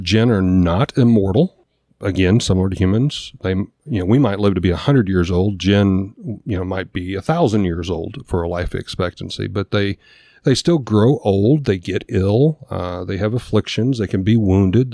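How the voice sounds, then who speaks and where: A man's voice: low voice, normal speed, vocal fry, dark tone, no echo, clean studio sound. A man co-hosting a podcast, reading from notes in a casual way and stumbling now and then over hard names. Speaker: podcast co-host.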